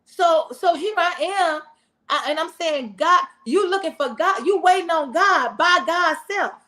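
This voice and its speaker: A woman's voice: very high voice, expressive, unhurried, bright, forceful tone. A woman pastor, preaching in a live-streamed sermon talk with call-and-response and repeated phrases. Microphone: wears hearing aids, speaking to camera.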